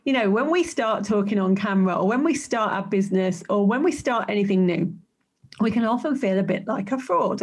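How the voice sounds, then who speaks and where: A woman's voice: mid-range voice, breathy edge. A woman hosting a podcast, chatty and upbeat, laughing easily as she talks with her guest. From half Maltese family. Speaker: podcast host. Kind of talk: casual interview chat.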